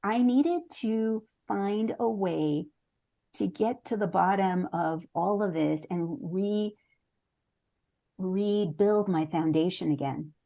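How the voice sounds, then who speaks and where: A woman's voice: mid-range voice, slow, creaky, warm tone. A woman in her sixties, a memoir author answering interview questions in an earnest, reflective way, now and then restarting a sentence.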